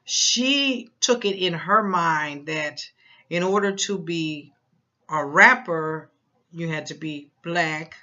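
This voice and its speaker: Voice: medium pitch, sharp tone, highs cut off. A psychic reader giving a casual spoken prediction, rambling and emphatic, with many fillers and repeated phrases.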